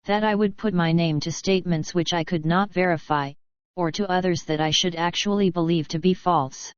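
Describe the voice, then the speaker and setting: A woman's voice: fairly low pitch, normal speed, clean tone, no room sound, muffled recording, close to an everyday voice. A woman voicing a witty young Englishwoman journalist who speaks lightly but firmly. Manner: light, firm, amused.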